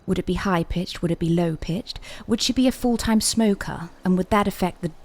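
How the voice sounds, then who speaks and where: A woman's voice: fairly low pitch, a little fast, a little mellow. A woman playing a theatrical voice coach in a game role-play, speaking in a poised, lecturing manner. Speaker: voice coach character.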